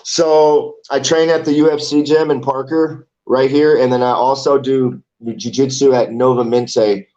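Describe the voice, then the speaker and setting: A man in his forties chats loosely as an interview guest, rambling and swearing casually. His voice sits at an ordinary middle pitch. The recording is a bit dull and lo-fi. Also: darkish tone. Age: 40s. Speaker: amateur MMA fighter, guest.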